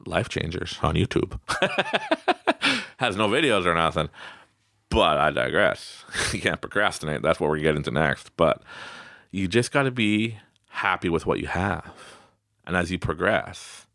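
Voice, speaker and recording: A podcast host talks casually about mindset, laughing a lot and acting out the people he quotes. His voice is low and gravelly with a lively, swooping pitch. The studio sound is dry and close. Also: unhurried, no echo. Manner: animated, laughs often, acts out quoted voices. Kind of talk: casual motivational talk.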